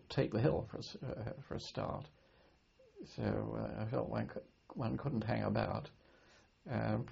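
An older man from Britain, a war veteran, recalling his service in an oral history interview, speaking haltingly with many restarts and repeated words. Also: mid-range voice, gravelly, mellow, husky. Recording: dull lo-fi archive recording.

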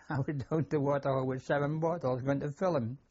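In this oral history interview, an older Scottish war veteran recounts his memories in a plain-spoken way, often repeating himself. His voice is a little high and a little mellow, with a steady tone and normal speed, though the recording is muffled.

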